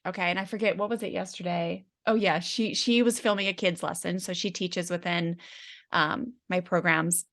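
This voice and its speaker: A woman's voice: fairly low pitch, steady tone, normal speed, a bit bright. A woman parenting coach in a casual interview, chatty and full of "like" fillers, acting out her own inner voice.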